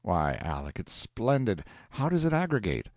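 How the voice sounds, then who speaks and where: A man's voice: lowish voice, sing-song, normal speed, no room sound, studio quality, pitched above the performer's own voice. Eager, folksy husband, impatient, swooping delivery; male narrator playing him. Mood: excited. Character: eager, excitable middle-aged husband. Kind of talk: audiobook character voice.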